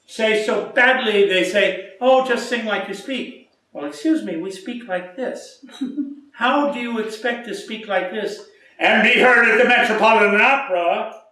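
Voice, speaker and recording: A man's voice: high voice, bright, forceful tone. A man, a voice teacher coaching a singer in a masterclass, talking with animation and singing short demonstrations. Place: recital hall. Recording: echoey hall, distant mic.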